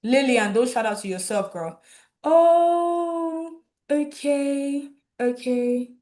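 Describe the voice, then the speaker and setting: A woman with a fairly high voice hosts an online graduation ceremony. She talks into a computer mic and keeps the energy up, reading out names from the comment feed with delight. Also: unhurried, a little mellow. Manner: enthusiastic, reads out viewer comments and names. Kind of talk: lively live-stream hosting.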